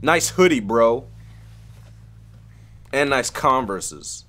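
A man hosting a reaction video, excitable and jokey, talking back at the screen and breaking into loud shouted exclamations. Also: medium pitch, drawn-out words, a little hiss or hum. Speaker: YouTube host. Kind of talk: reaction commentary.

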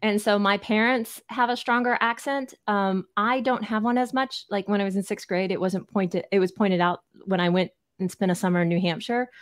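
A woman's voice: mid-range voice, fairly even intonation, normal speed, few pauses. A woman from Texas with a mild Texan accent, co-hosting an interview and chatting casually. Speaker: co-host.

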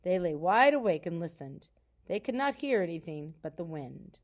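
Female teacher reading a children's book aloud, calm and soft. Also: fairly low pitch, normal speed.

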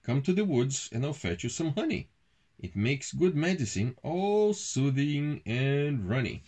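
Storybook boy knight, fussing and kind, read by a husky-voiced dad. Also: mid-range voice, big pitch swings, measured pace, dark tone. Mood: eager. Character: friendly young boy knight James.

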